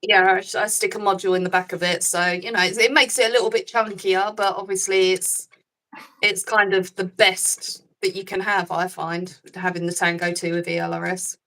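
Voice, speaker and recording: A woman's voice: mid-range voice, little pitch movement, normal speed, fairly bright tone, rough recording. A young English woman, a podcast guest, chatting casually with many fillers and restarts. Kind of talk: casual chat.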